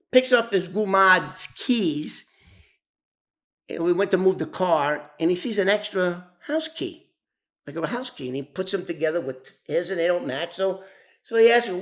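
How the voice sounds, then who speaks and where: New man, slightly high voice, loose profane storyteller who circles back and restarts a lot. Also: a bit bright. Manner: profane, rambling, with many restarts and asides. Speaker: former informant telling his story. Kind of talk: casual storytelling.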